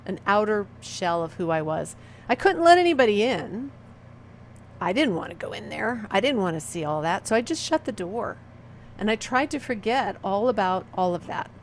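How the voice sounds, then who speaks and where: A middle-aged motivational speaker gives an emotional personal testimony, recounting her own past with quiet intensity. She speaks slowly in a middle register, leaving long, heavy, dramatic pauses between phrases. A faint background noise runs beneath the recording.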